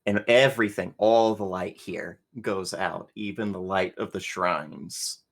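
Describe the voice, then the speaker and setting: A man's voice: sits low, steady tone, a little slow, fairly bright tone. A man narrating as game master in a tabletop role-playing game, vivid and laughing, with some swearing.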